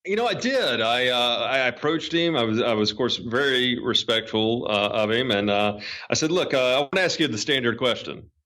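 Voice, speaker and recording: A man hosting a wrestling podcast in a casual, joking way, halting with fillers, also reading an ad. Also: medium pitch, sharp tone. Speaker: podcast host. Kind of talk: casual podcast chat and ad read.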